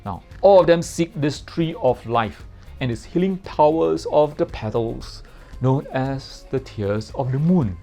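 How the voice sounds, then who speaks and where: A man's voice: mid-range voice, animated, measured pace, vocal fry, warm tone, faint music behind. A man giving a casual spoken film review in a playful way, repeating words for comic effect.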